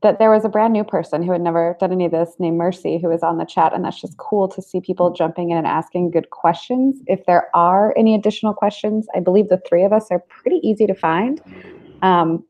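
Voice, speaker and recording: A woman speaking as a webinar guest over a video call, brisk and friendly with a teasing streak. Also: lowish voice, fairly even intonation, dark tone. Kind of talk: casual webinar chat.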